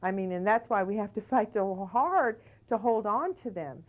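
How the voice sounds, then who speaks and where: On a muffled recording, a middle-aged American woman with lively intonation and a medium pitch talks at normal speed. Hosting a community TV studio talk show, she chats emphatically with her guest, leaning on "you know" again and again.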